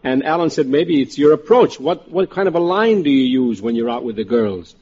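A man pitching jokes on a radio panel in a chatty way, laughing often as he talks. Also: lively intonation, fairly quick, dark tone, slightly rough. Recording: muffled old radio broadcast with studio audience.

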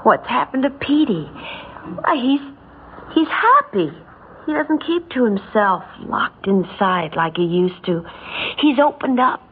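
A woman's voice: a little high, very animated, slow, husky, exaggerated voice. Give me a tender young mother in an old radio drama. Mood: heartfelt. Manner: soft, heartfelt. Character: young mother torn between two brothers, tender. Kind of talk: 1940s radio acting. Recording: tinny old radio broadcast with faint hiss.

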